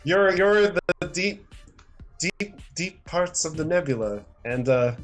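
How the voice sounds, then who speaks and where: A man running a tabletop game as game master, narrating in a halting way with many fillers and chuckles. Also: on the high side, lively intonation, faint music behind.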